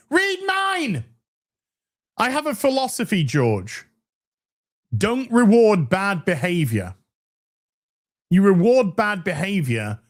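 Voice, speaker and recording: Brief: man, live stream host, lively swinging pitch, profane and warm with chat, fairly high voice. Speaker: livestream host reading super chats.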